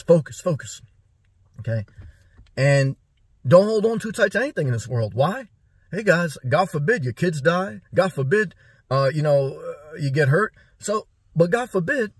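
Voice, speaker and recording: A man's voice: a little high, slightly rough, no room sound, clean studio sound. A man vlogging a direct-to-camera advice talk, preachy and repetitive, firing off rhetorical questions. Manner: preachy, rapid rhetorical questions, repeats himself.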